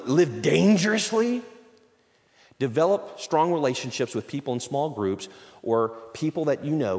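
A man's voice: mid-range voice, darkish tone, big-room sound. A man preaching a conversational sermon, acting out little everyday dialogues as he goes. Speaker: pastor.

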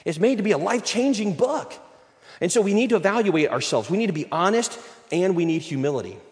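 A man's voice: sits high, animated, fast talker, in a large hall. A man preaching a conversational sermon, acting out little everyday dialogues as he goes. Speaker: pastor.

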